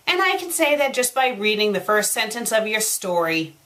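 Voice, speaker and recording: A woman's voice: a little high, expressive, normal speed, pushed and bright. A woman reviewing fan fiction online, sarcastic and exasperated, with heavy sighs. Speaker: fanfic reviewer.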